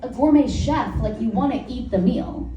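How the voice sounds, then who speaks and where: A woman's voice: fairly high pitch, moderate pace, mellow. A woman doing a crude, rambling stand-up set, often interrupting herself and laughing at her own jokes. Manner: frank, crude, filler-heavy. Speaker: stand-up comedian. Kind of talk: stand-up set, work in progress. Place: live comedy venue with audience. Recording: roomy, distant live recording with faint noise.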